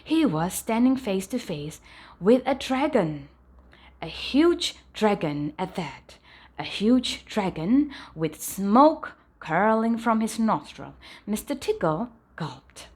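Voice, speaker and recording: Woman reading a picture book at bedtime, lively intonation that sinks softly at sentence ends. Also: medium pitch, slow pace, breathy edge. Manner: animated storytelling, dropping softly at sentence ends. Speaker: storybook reader. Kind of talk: bedtime storybook read-aloud.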